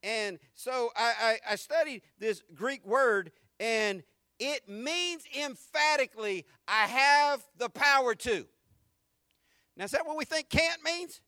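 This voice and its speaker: A man with a high, bright voice preaches to his congregation in a lively, conversational style, full of slang and jokes. He often repeats a word as he gets going. The recording is dry and close, with little room sound. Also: measured pace, dry recording. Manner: repeats words when starting sentences. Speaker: pastor. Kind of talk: sermon.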